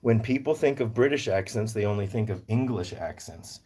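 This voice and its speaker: A man's voice: lowish voice, moderate pace, darkish tone, husky. A man from Northern Virginia hosting a casual live stream about rescue animals, jokey and rambling as he answers viewer comments aloud. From Northern Virginia, US East Coast.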